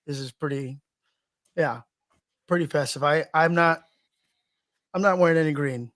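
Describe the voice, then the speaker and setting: Man, podcast co-host, casual joking chat, fairly high voice, restarts sentences. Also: normal speed, a bit bright. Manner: loose and joking, often restarts his sentences.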